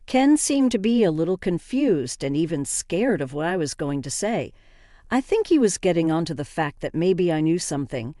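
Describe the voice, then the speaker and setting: A woman's voice: sits low, mellow, no echo, studio quality. A woman narrating a first-person story in a conversational, indignant way.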